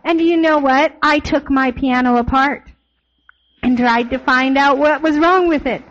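Higher-voiced woman leading a children's sermon, quizzing the kids and telling the story with animation, dull lo-fi sound. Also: a little slow, a bit bright. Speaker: children's church teacher. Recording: dull lo-fi recording.

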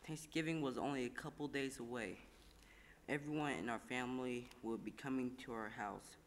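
Man calmly narrating in an echoing room. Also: medium pitch, a little hiss or hum. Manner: calm, measured storytelling with small slips. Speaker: reader. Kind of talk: scripted narration of a first-person story.

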